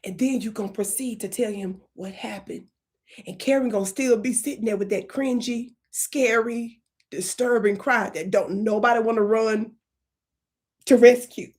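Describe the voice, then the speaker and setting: Sex: woman. Role: channel host. Style: comedic livestream coaching. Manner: animated, playful, swings into whispers. Pitch: fairly high. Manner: animated and playful, with sudden whispers and drawn-out words.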